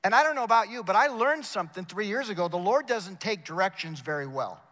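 A man's voice: sits high, animated, fast talker, a bit bright. A man preaching a sermon in a university chapel, emphatic, repeating words and speaking straight to the congregation. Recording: long reverb of a large chapel.

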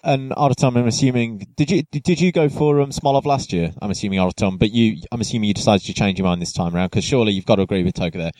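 A man's voice: lowish voice, quick pace, hardly any pauses, a little mellow, dry recording, low-quality recording. A man hosting a casual football podcast, chatty and friendly, with fillers and restarts. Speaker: podcast host.

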